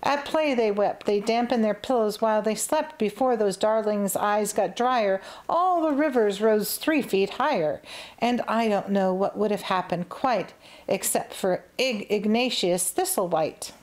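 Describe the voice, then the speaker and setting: A woman's voice: medium pitch, a little slow. A mother reading a rhyming picture book aloud to children with a rhythmic, sing-song delivery.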